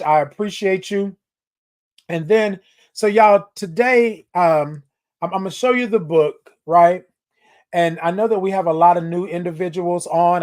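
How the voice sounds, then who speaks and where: A man in his forties with a high-pitched yet darkish voice hosts a live-stream show. His talk to viewers is easygoing and affectionate, and he repeats phrases to stress them.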